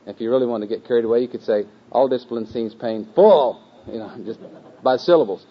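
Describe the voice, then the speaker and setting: A man leads a room through memorizing a scripture verse, patient and unhurried. He repeats each phrase slowly, with a few relaxed fillers along the way. The recording sounds dull and lo-fi, and his voice sits at an ordinary middle pitch for a man. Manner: patient, repetitive, slow chanting of phrases with a group. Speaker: teacher leading scripture memorization. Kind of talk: group teaching session. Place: room with a live group.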